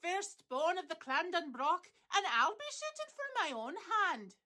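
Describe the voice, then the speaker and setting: A woman's voice: very high voice, sing-song, unhurried, pushed and bright, pitched above the performer's own voice, heavily acted. A woman voicing a spirited young Scottish princess in a mock Scottish accent, proud and declamatory.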